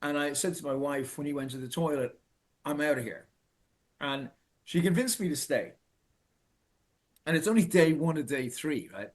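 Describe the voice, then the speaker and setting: A man's voice: fairly high pitch, expressive. Earnest Irish man telling his story. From Ireland. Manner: earnest, halting with restarts, repeats phrases for emphasis. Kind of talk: personal storytelling.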